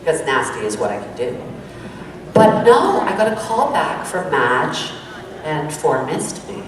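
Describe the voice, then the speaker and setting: A woman voice actor telling a lively, excitable story on a convention panel, jumping into sudden high exclamations. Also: measured pace, background noise. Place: large convention hall. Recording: echoey convention hall, distant mic, crowd.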